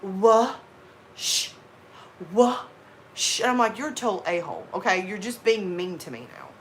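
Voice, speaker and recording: A woman's voice: mid-range voice, expressive, quick pace, a bit bright, a little hiss or hum. A woman in her thirties with a Southern US accent, casually chatting with her live chat and rambling through asides. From American South. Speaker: livestream host reading chat.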